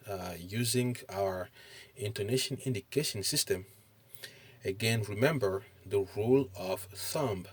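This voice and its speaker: A middle-aged man teaching a recorded online language lesson, hesitant, with many pauses and fillers, often checking in with "okay?". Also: mid-range voice, husky.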